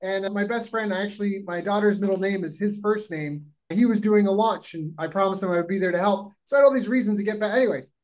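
A man from Canada, a guest telling a long anecdote in a lively, rapid, casual way. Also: high-pitched, rough recording. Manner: animated, rapid, acts out voices in anecdotes. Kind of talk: casual storytelling.

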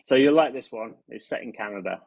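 A man telling a long anecdote in casual conversation, animated and acting out sound effects. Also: mid-range voice, fairly quick, creaky, no room sound, poor audio. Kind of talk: casual storytelling chat.

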